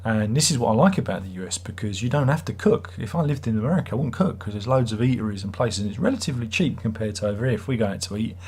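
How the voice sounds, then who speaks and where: A man's voice: fairly low pitch, racing, hardly any pauses, darkish tone, slightly rough. A middle-aged man hosts a livestream, chatting casually and reading viewer comments in a sarcastic, rambling way. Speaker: livestream host.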